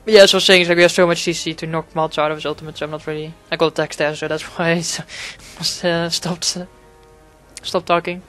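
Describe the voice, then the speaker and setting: A man's voice: a little high, little pitch movement, fast, fairly bright tone, soft background music. A man giving casual gameplay commentary, rambling and swearing a lot, with frequent fillers and restarts. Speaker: gaming commentator.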